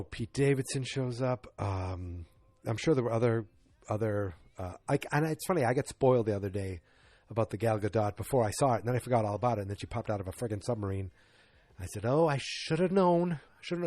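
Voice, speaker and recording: A man talks through a movie plot on a podcast, wandering and restarting his sentences, padding them with "um" and "like". His voice is mellow and relaxed, recorded close and dry with no room sound. He sits at a middle pitch for a man. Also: no echo. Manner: rambling, many fillers and restarts. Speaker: podcast host. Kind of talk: casual movie recap.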